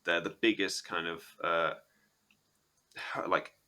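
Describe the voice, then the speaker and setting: Deep, bright-toned man, halting. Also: fairly even intonation, clear, resonant tone. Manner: hesitant, halting, many restarts. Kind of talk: casual interview conversation.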